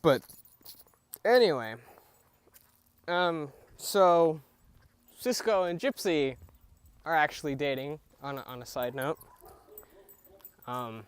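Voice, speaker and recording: A young man hosting a casual show where he recaps TV episodes, talking haltingly with many fillers and restarts, opinionated. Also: on the high side, clean tone, dry recording. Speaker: podcast host reviewing TV episodes.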